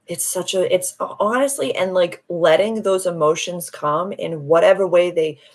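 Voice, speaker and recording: Low-voiced gushing woman on a live stream. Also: normal speed. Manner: gushing and effusive, answers viewer comments; soothing, affirming. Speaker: spiritual healer hosting a live stream. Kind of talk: casual live-stream chat.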